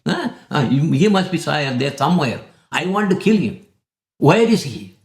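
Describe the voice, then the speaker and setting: A man acting out an angry demon king who shouts demanding questions, recorded in an echoey room. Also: a little high, big pitch swings, moderate pace. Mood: furious. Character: furious demon king father, male, domineering.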